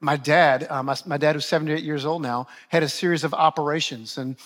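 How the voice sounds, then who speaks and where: A man's voice: fairly high pitch, steady tone, fairly quick, fairly bright tone. A man in his forties, a pastor preaching a sermon, repeating key phrases and asking the congregation questions.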